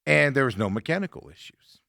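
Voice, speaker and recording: A man hosting a chat show, winding through a story with a lively, swooping delivery and acting out each person's lines along the way. His voice sits in a middle register and sounds close and dry, with almost no room sound. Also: medium pitch, a little fast, gravelly, no echo. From Arizona, US. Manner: animated, acts out other people's lines in quotes. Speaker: host. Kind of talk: casual storytelling rant.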